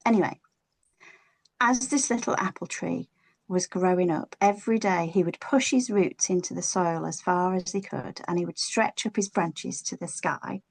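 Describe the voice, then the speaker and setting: Woman telling a kids story, playful and expressive, drags words out. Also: fairly low pitch, moderate pace, vocal fry. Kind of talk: children's storytelling to an audience.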